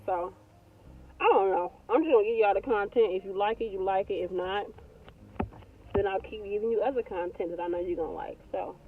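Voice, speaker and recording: A woman in her thirties, a nurse vlogger, talking casually and warmly to her viewers in an animated, slangy way. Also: medium pitch, narrow, tinny audio, noisy background. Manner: chatty, animated, slangy and heartfelt. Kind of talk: casual vlog talk to viewers.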